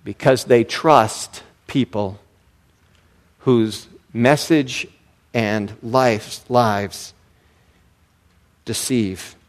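A man preaching a sermon, asking rhetorical questions and leaning hard on key words. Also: mid-range voice. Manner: preaching with emphatic rises and slow deliberate stresses; asks the congregation rhetorical questions. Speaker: pastor.

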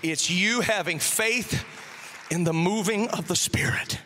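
A middle-aged male pastor with a high, bright, forceful voice preaches in a church sanctuary. The sound carries a long hall reverb. He tells stories in an animated way, repeats phrases, and acts out both sides of a conversation. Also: a little slow, slight background noise. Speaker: senior pastor. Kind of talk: sermon with storytelling.

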